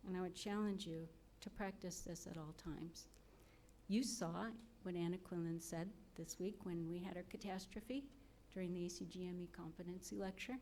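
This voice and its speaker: Woman speaker at a ceremony, warm mellow tone, earnest and motivating, quizzes the crowd, bit of hiss. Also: medium pitch. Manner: earnest, motivational, addresses audience with questions. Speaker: medical school faculty speaker. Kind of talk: ceremony speech.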